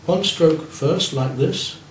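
An art teacher with a voice on the high side speaks slowly while running a painting lesson for beginners. Working alongside his students in the classroom, he guides and encourages them and looks over their work. The recording has a roomy feel and faint noise.

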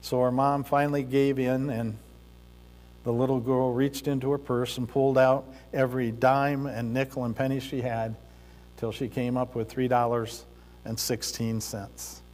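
A man preaching a sermon in a church sanctuary, speaking deliberately with pauses and the odd filler as he tells a story. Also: medium pitch, level tone, darkish tone. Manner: slow, deliberate delivery with pauses and occasional fillers. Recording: reverberant church hall.

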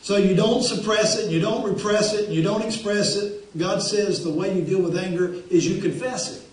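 A man's voice: high-pitched, moderate pace. Pastor, man, folksy repetitive preacher; heard from afar in a very echoey sanctuary. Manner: folksy, repeats phrases for emphasis. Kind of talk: sermon. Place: church sanctuary. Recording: very echoey church hall, distant.

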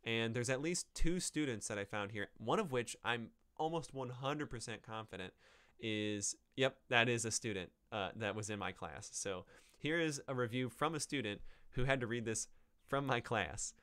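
Smooth-voiced man chatting with wry asides. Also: medium pitch, normal speed, fairly bright tone, no echo. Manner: hesitant, with many fillers and restarts. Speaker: podcast host. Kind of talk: casual book review chat.

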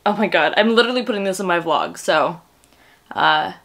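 Gushing excited woman unboxing books. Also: on the low side, fairly quick. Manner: gushing, excitable, swearing with joy. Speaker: book vlogger and high school teacher. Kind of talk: casual vlog chat while unboxing.

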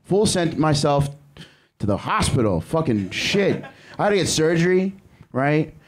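A man's voice: on the high side, big pitch swings, a little slow. A young man doing a crude, rambling stand-up set on a comedy club stage, breaking off to laugh at himself. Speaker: stand-up comic.

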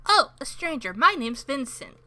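A woman's voice: high voice, sing-song, normal speed, pushed and bright, pitched above the performer's own voice, heavily acted. A woman voicing a shy little boy villager in a farming game, speaking timidly and politely in a raised, childlike voice.

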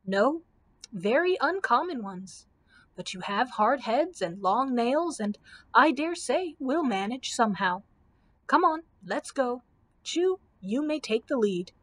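In a storybook read-aloud, a woman plays a cheerful, kindly male scarecrow made of straw, talking in a light, engaging, unhurried way. The voice sits fairly high. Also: sing-song, a bit bright, exaggerated voice.

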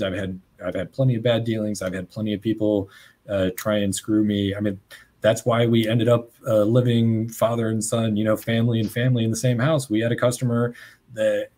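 A man speaking on a webinar panel in a slightly low, husky voice. He thinks out loud, circling back and restarting phrases as he works through lessons from running a small business. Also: steady tone, brisk. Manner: musing, restarts phrases often.

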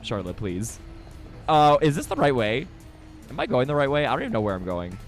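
A man streaming a video game live in casual chat, excitable and profane, laughing and greeting viewers loudly. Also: mid-range voice, a little fast, faint music behind. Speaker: livestreaming gamer.

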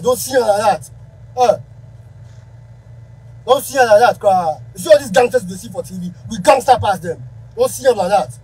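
A man's voice: high-pitched, a little mellow, slightly rough, poor audio. Heated man ranting in Ghanaian Pidgin. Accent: Ghanaian Pidgin English. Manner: heated, confrontational, Pidgin-laced, repetitive. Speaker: musician. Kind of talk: angry rant to camera.

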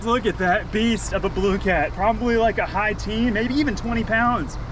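A man hosting a casual fishing vlog outdoors on a river, excitable and quick to exclaim and repeat himself. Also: sits high, distant mic, background noise. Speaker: fishing channel host. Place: outdoors on a river with strong current.

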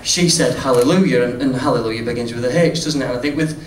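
A man's voice: mid-range voice, fast talker. Northern English man, stand-up storyteller, distant roomy live recording, noisy background. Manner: swears freely, chatty, laughs at own jokes. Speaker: stand-up comedian. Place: comedy club stage with audience.

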